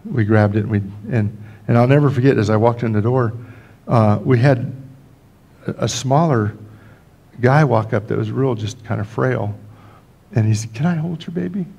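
A man's voice: mid-range voice, moderate pace, gravelly, pauses often, a little mellow, dull audio. An older man preaching as a pastor, telling stories in a folksy way with joking asides and frequent restarts. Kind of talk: storytelling sermon. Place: church sanctuary.

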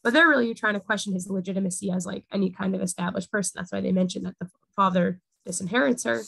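A woman's voice: mid-range voice, fast talker, creaky, fairly bright tone, slightly rough, no echo, poor audio. A young woman teaching a casual Torah class, talking things through with many fillers. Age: young adult.

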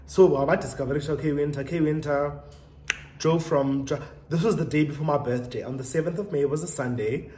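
A man's voice: a little high, brisk, dark tone. A young South African man chatting casually and laughing often while telling a story and getting ready. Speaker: vlogger. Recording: roomy echo, faint room noise.

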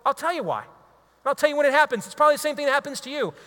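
A man, a radio talk show host, giving an impassioned, preachy talk to a live audience. He is emphatic and builds to loud exhortations. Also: very high voice, animated, very fast. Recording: long hall reverb.

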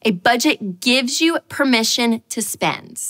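Woman speaker, fairly high and bright, animated storyteller who repeats punchlines. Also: slow pace. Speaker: personal finance speaker. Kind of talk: storytelling talk to an audience.

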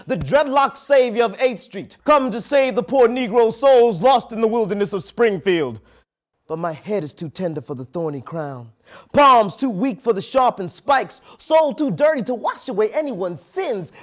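A man performs a personal story as spoken word, his pitch swinging widely as he goes. He drops to near-whispers and climbs to loud bursts in a rhythmic, dramatic delivery, sometimes stammering over repeated words.

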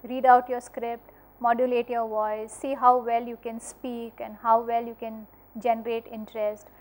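A woman's voice: a little high, level tone, normal speed, darkish tone. A woman teaching a spoken lesson in a friendly instructive way, often checking in with "okay?" and a few filler words. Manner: uses fillers and restarts.

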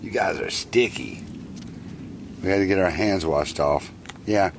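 A man's voice: sits low, unhurried, a little hiss or hum. A man narrating casually, doting on and coaxing his pet monkeys. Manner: doting, coaxing, talks to the animals, chuckles often. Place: outdoors at a picnic.

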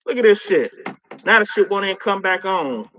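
A man with a fairly high voice rants live on a stream, cursing and taunting something unseen. He is confrontational and profane and stammers through repeats when he gets heated. The audio is muffled and lo-fi, like a phone mic. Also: expressive, a little fast, pushed and bright. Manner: repeats words when worked up. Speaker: livestreamer addressing a spirit.

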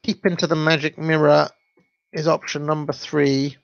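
Gravelly man chatting on a livestream. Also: on the high side, level tone, moderate pace, no room sound, highs cut off. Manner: chatty, hesitant, with fillers and laughs. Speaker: channel host. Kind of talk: livestream story reading with commentary.

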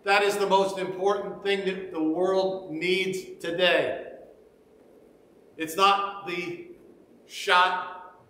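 A man's voice: high voice, little pitch movement, slow, pauses often, sharp tone, echoey room, big-room sound, slight background noise, low-quality recording. A man preaching a sermon as pastor, earnestly retelling scripture and urging his listeners.

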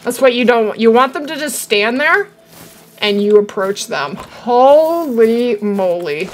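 A young woman live-streaming a hunting game, chatting with her viewers and getting excitable. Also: fairly high pitch, unhurried, slight background noise. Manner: excitable, chatty, talking to chat. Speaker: gaming streamer.

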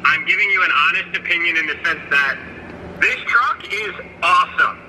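Guy on speakerphone, sharp bright voice, kinda echoey and faint hiss, earnest and rambly. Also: fairly high pitch, normal speed. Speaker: caller, fellow truck vlogger. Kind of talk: phone conversation. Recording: bright tinny phone line with reverb.

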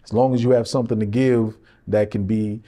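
In a candid, conversational interview, a middle-aged actor shares stories, mimicking other people's lines and laughing a lot in an animated way. He speaks on the low side and a little fast.

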